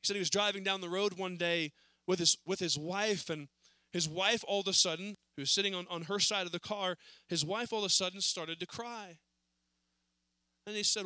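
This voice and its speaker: A man preaching a sermon in a church service, earnest, rising to pleading and then dropping low. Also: moderate pace, pushed and bright, smooth, no room sound.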